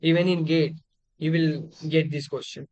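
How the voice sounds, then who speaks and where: A man's voice: on the high side, little pitch movement, moderate pace, a little mellow, a little hiss or hum. A man teaching a literature lecture, explaining terms step by step with frequent fillers and restarts. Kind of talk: exam-prep lecture.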